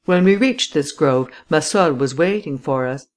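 A reader giving measured, dramatic first-person audiobook narration. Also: medium pitch, animated.

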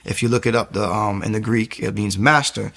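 A young American man with a creaky, lowish voice casually shares his personal testimony at a fairly quick pace. He's animated and acts out the voices of the people he quotes.

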